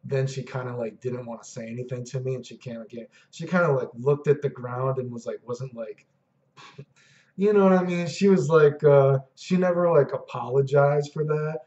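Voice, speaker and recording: A man in his thirties talks loosely into the camera, wandering from story to story and peppering everything with "dude" and swearing. His voice is dark and mellow, and the recording is muffled, with a roomy echo. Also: mid-range voice, normal speed. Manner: casual, profane, keeps saying "dude" and "you know what I mean". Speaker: vlogger. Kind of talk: rambling personal storytelling.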